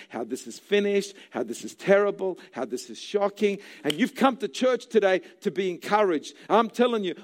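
A man preaching a sermon in church, impassioned and building to shouts at the climaxes. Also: high voice. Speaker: pastor.

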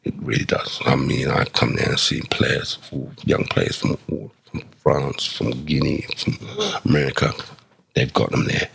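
A man in his sixties with an extremely deep, gravelly, husky voice. He talks in a relaxed, conversational way as a podcast guest. He acts out the lines of the people in his stories. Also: measured pace. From England. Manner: animated, acts out dialogue with quoted voices. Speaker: podcast guest, former footballer. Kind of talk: conversational storytelling.

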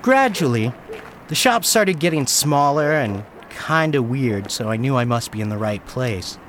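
Male storyteller, first-person, animated and wry, mid pitch. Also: unhurried, a little hiss or hum. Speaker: narrator.

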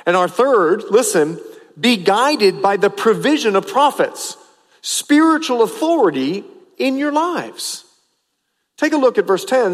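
A man's voice: sits high, big pitch swings, a little slow, long reverb tail. A man preaching a sermon as pastor, emphatic and repetitive, stressing phrases over and over.

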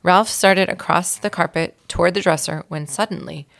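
Gravelly woman reading a children's story. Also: fairly low pitch, normal speed, fairly bright tone. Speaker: guest reader. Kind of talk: reading a children's chapter book aloud.

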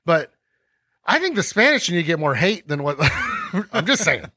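A podcast host, a man with a slightly high, very lively voice, talks through history in a loose, ranting way. He keeps slipping into little acted-out scenes. His voice sounds dry and close. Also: normal speed, slightly rough, no room sound. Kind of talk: casual history discussion with comic asides.

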